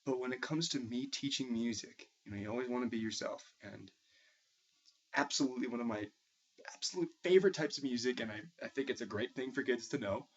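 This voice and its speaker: A man's voice: mid-range voice, a little fast. A young man from Massachusetts with a New England accent, a music teacher thinking aloud in a hesitant, reflective way with many restarts. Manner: thoughtful, hesitant, with frequent restarts. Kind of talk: casual spoken reflection. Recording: dull lo-fi recording.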